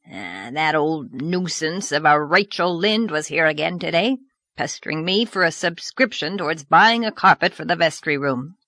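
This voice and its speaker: A woman's voice: on the low side, animated, measured pace, a bit bright, dry recording. A woman voicing a blunt, outspoken older farmer in an audiobook, growling and grumbling. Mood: irritable. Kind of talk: audiobook character voice.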